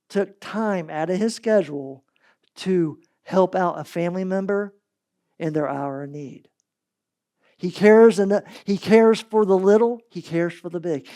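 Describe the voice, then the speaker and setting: Lively storytelling male preacher. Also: high-pitched. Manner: lively storytelling preacher, swings between loud and soft. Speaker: pastor. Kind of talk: sermon.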